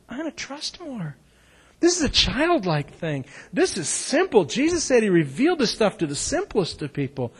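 Middle-aged pastor guy preaching, kinda high voice, swings from loud pushing to real quiet and soft. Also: breathy edge. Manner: swings from loud urging to hushed, soft reading. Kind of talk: sermon.

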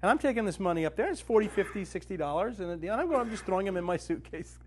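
Man telling a lively faith story. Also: sits high, rapid-fire, slight background noise. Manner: lively storyteller, acts out dialogue, self-mocking. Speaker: Christian author and speaker. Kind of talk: personal faith story told to a group.

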